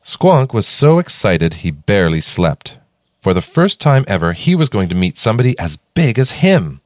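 A man narrating a children's story in a playful, expressive way. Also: lowish voice, moderate pace, no echo, clean studio sound.

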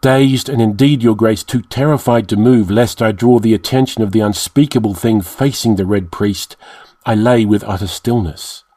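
A man narrating a dark fantasy story in a measured, dramatic reading. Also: on the low side, no echo. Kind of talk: audiobook narration.

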